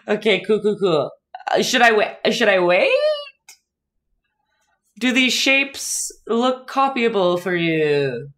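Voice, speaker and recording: Speaking slowly and pausing often, a young painting instructor chats casually with livestream viewers as she works through a lesson. Her voice is medium in pitch, expressive and fairly bright.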